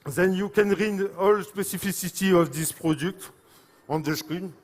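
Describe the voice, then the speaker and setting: A man with a French accent speaks from a stage at a live event, his voice fairly high for a man and trailing off into a long hall reverb. He is emotional and halting, leaning on fillers and apologizing as he goes. Each phrase rings out through the large room. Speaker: speaker presenting a product.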